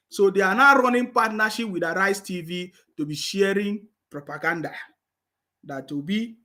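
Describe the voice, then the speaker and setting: A man's voice: high-pitched, a bit bright. A man with a Nigerian accent giving mocking political commentary, repeating himself and laughing with scorn.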